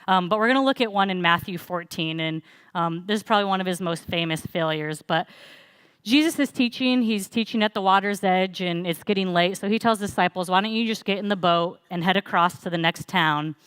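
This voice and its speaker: A young woman talks through a church message in a loose, chatty way, as if telling friends a story. Her voice sits a little low and comes through smooth and resonant. The sound is dry and close. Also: brisk, no room sound. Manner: chatty, relaxed storytelling with laughs and fillers. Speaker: church speaker. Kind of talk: casual sermon talk.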